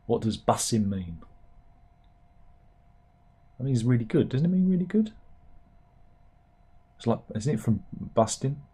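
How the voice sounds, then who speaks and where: A man's voice: medium pitch, sing-song, a little slow, pauses often, dark tone, slightly rough. A man from the UK hosting a comic news show, chatting casually and wryly with lots of fillers and restarts. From United Kingdom. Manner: rambling, wry, talks to himself with fillers and restarts. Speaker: satirical news show host.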